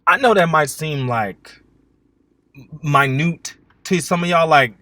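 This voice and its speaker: A fairly high-pitched young man rambles through a dating story on his podcast. He jokes, swears freely and jumps his voice around when acting out texts. The sound is close and dry, with little room around it. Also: slow, dry recording. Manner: animated, jokey, swears freely, acts out text exchanges. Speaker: podcast host. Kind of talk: casual storytelling monologue.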